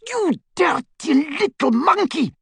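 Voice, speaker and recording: A woman's voice: very animated, unhurried, vocal fry, exaggerated voice. A woman reading aloud and voicing a cruel adult witch villain who shrieks and bawls her lines. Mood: furious. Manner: shrill, bawling.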